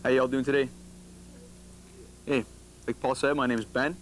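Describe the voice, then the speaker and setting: A man in his twenties telling students about his crash, pausing often with ums and uhs. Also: medium pitch, steady tone, a little hiss or hum, rough recording. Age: 20s. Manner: hesitant, many ums and uhs. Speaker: crash survivor speaking to students. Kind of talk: personal story told to a group.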